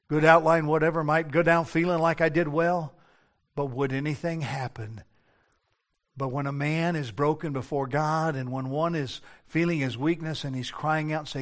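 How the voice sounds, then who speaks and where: An older pastor with a notably high-pitched voice delivers a sermon. He preaches earnestly, dropping to hushed, low tones and then climbing into raised, urgent appeals. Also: fairly quick.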